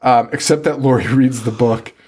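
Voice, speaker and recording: A podcast co-host chatting casually about a horror film, profane and quick to laugh. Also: medium pitch, a little mellow, breathy edge. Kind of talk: casual horror movie chat.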